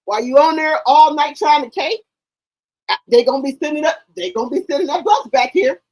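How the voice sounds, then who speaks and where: A woman hosting a live stream in casual chat. Her voice sits high, and she tells stories in an animated, laughing way, swearing freely. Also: fairly quick, rough recording. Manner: animated, laughing, profane storytelling.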